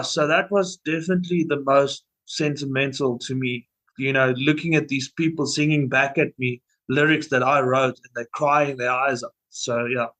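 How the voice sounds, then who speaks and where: A young man who sings in a band tells stories in a casual interview, rambling with many restarts and fillers. His voice is mid-range and a bit bright, and the recording is low quality.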